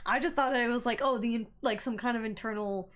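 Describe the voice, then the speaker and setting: A woman streaming a game, reacting with excited, rambling commentary. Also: a little high, fast talker. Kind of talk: let's-play reaction commentary.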